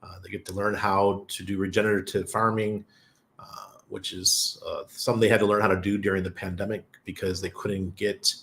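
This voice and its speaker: A man's voice: low-pitched, fairly bright tone. Chuckling, rambling man on a livestream. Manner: rambling, chuckles often, many fillers. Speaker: crypto livestream host. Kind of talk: casual live chat reading viewer comments. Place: lives in Panama.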